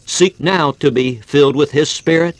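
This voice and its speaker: A man's voice: fairly high pitch, moderate pace, no room sound. A man preaching a fervent sermon in an old-fashioned preaching cadence, telling stories and making appeals to his listeners.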